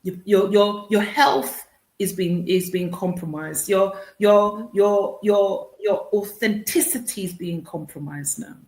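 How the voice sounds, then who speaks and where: The recording has a roomy echo as a woman, an author and consultant, gives radio interview answers in a mid-range, darkish voice at a slow pace. Her explanations are earnest, and she often repeats words while starting a thought again.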